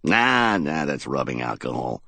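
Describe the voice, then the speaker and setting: A man reading a crime story, voicing a surly night watchman with a gruff, blunt delivery. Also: very deep voice, very animated, unhurried, bright, forceful tone, dry recording, pitched below the performer's own voice, heavily acted. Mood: grumpy.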